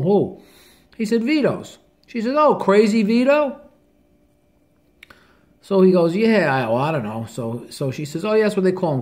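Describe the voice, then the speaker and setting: An older man with a thick New Jersey accent tells stories to the camera in a loose, casual way. He is blunt and salty and swears without a second thought. His voice sits slightly high for a man. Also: darkish tone. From northern New Jersey. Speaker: barber and author telling stories.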